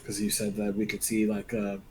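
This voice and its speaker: Low, mellow-voiced man playing a tabletop game. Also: completely flat delivery, fairly quick, a little hiss or hum, low-quality recording. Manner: thinks aloud, plans step by step. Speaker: player.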